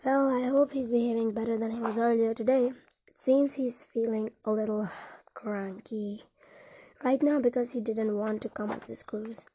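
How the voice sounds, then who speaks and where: A woman's voice: a little high, fairly even intonation, normal speed, dark tone, slight background noise, natural voice. Woman reading a stern tired dad. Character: stern weary father of a bratty boy.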